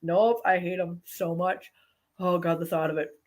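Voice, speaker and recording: A woman hosting a live stream, chatting casually with viewers and telling stories animatedly, swinging from low grumbles to high squeals. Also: fairly even intonation, normal speed.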